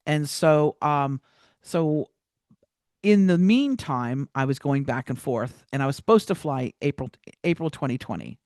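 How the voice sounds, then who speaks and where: A woman's voice: low voice, unhurried, dry recording. Woman guest telling her story, lots of restarts, acts out what people said, dry room. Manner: animated, many restarts, acts out quoted dialogue. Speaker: podcast guest. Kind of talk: casual personal storytelling.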